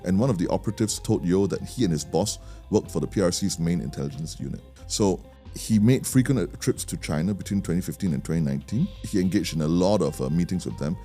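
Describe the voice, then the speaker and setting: A man's voice: sits low, animated, fast talker, few pauses, dark tone, soft background music. A man with a Singaporean English accent, co-hosting a podcast and telling a story in a chatty way, often restarting his sentences. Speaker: podcast co-host. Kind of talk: casual storytelling chat.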